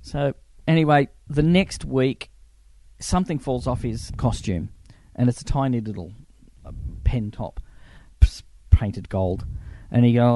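A middle-aged man spins animated anecdotes, acting out the people he quotes. His voice sits mellow and dark, and the recording is dry and close. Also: medium pitch, normal speed, no room sound. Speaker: film crew member, guest. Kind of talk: casual interview storytelling.

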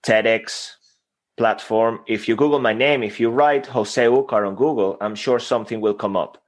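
A man's voice: mid-range voice, moderate pace. Man, native Spanish speaker, motivational guest, earnest and encouraging. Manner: earnest, motivational, self-deprecating. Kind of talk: podcast interview.

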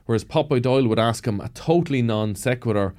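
Swearing Irish storyteller, Cavan accent. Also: male voice, medium pitch, quick pace, darkish tone. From Ireland. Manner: swearing storyteller who acts out voices. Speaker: guest comedian. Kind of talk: casual podcast chat, telling anecdotes.

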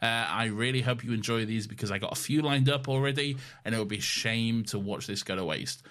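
A man's voice: medium pitch, brisk, a bit bright. A young man co-hosting a podcast in casual chat, giggly and rambling as he reads listener emails. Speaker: podcast co-host.

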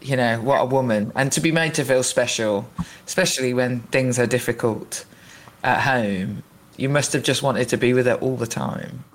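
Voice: medium pitch, normal speed. A podcast host reflecting aloud in a rambling, appreciative way during an interview. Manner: musing, rambling, warmly appreciative.

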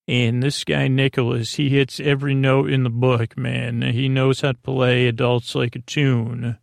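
Flat, gravelly-voiced man rambling. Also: mid-range voice, measured pace, no echo, studio quality. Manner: rambling, self-correcting, offhand. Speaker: podcast host. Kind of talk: casual episode recap for a sleep podcast.

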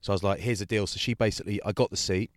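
A man co-hosts a podcast, telling a story in casual chat and animatedly acting out the voices of the people in it. His voice is lowish and he talks at a racing speed. The recording is clean studio sound with no room sound.

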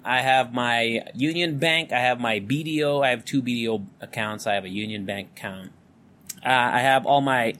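A man's voice: mid-range voice, fairly bright tone. A man with a neutral American accent hosting a solo podcast from his home, talking candidly and loosely, swearing freely. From Philippines. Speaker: podcast host. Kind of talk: casual solo podcast monologue. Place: home room with electric fan running. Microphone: studio condenser mic.

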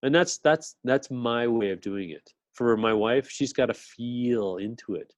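A man's voice: medium pitch, a little slow, dry recording. Middle-aged guy telling a story, acts out everybody's lines, dry close sound. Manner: animated storyteller acting out quotes. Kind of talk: casual chat.

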